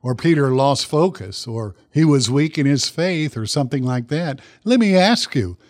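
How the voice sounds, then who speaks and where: A pastor preaching a sermon, telling a Bible story dramatically and putting questions to the congregation. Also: male voice, mid-range voice, animated, moderate pace, no echo, clean studio sound.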